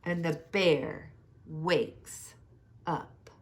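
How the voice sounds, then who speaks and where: Woman reading a kids' book aloud, very slow, lively pitch, sing-song. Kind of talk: children's picture book read-aloud.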